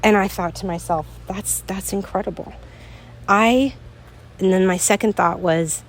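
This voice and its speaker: A middle-aged woman speaks straight to her podcast listeners, open and confiding. Her talk is earnest and emotional, and it jumps up when her feelings run high. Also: measured pace. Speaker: podcast host. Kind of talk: heartfelt solo podcast monologue.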